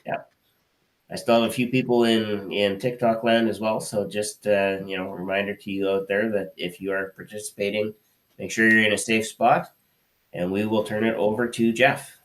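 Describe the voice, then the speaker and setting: Man, podcast host, very low voice, relaxed, filler-heavy. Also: normal speed. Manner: relaxed, many fillers, announcing. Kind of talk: casual live podcast hosting.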